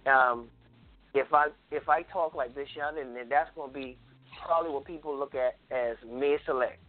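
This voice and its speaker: A man from South Carolina with a Charleston accent, explaining his topic patiently and in measured terms as an interview guest. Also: mid-range voice, soft background music. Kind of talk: explanatory conversation. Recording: tinny phone-like line.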